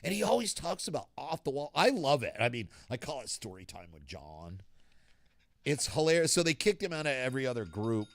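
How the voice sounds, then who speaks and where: A man's voice: mid-range voice, big pitch swings, fairly quick, no echo, clean studio sound. Profane, laughing man with a rural New England accent. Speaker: podcast host. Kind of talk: casual chat.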